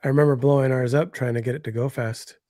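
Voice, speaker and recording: A man's voice: medium pitch, steady tone, quick pace, dark tone, no echo. Co-host, male, chatty and trailing, mid-range voice, dry close mic. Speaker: co-host of a hobby talk stream. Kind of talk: casual chat.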